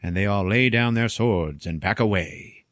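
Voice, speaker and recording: A man hosting a podcast, recapping a film in casual chat with animated storytelling, frequent laughter and swearing. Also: on the low side, moderate pace, no room sound, clean studio sound. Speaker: podcast host.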